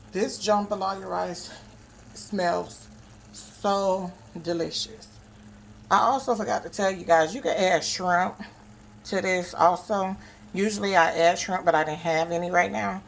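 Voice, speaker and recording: A woman's voice: mid-range voice, moderate pace, vocal fry, slight background noise, low-quality recording. A woman giving a casual cooking demonstration in her home kitchen, chatting to viewers and checking in with "okay?" as she goes. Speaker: cooking vlogger.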